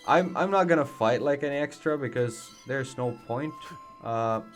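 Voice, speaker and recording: A man casually commenting on his video game as he plays, in a relaxed, rambling way with plenty of swearing. His voice sits at an ordinary mid pitch. Faint game music runs in the background. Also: unhurried. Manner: laid-back, rambling, swears freely. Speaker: let's play host.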